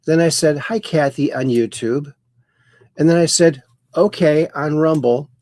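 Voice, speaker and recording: A man hosting a casual livestream, slowly reading chat messages aloud with sudden bright upswings. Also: a little high, no echo, studio quality. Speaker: host.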